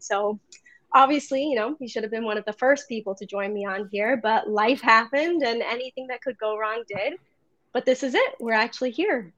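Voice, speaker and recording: A woman hosts a podcast in an eager, informal chat, with the odd casual swear word. Her voice sits at a middling pitch. The recording sounds dull and dry. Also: fairly bright tone, dry recording. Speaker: podcast host.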